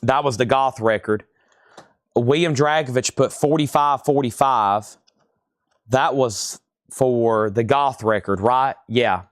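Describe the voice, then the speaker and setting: A man hosts a live online sales stream, calling out record grades and prices in a relaxed, casual way. His voice is smooth and clear, and the sound is dry and close with no room echo. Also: mid-range voice, takes it slowly. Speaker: host of a live record sale.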